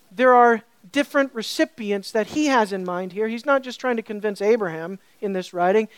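Delivering a sermon, this female pastor poses questions to the congregation and drives points home through repetition. Her voice rises to loud, high climaxes and falls soft and low for scripture, with no echo present.

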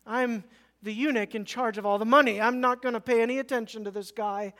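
A preacher briefly voicing a proud male royal treasurer who is self-important and brushes people off, in a brisk, offhand way. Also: medium pitch, steady tone, a bit bright, close to an everyday voice. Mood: haughty. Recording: long reverb.

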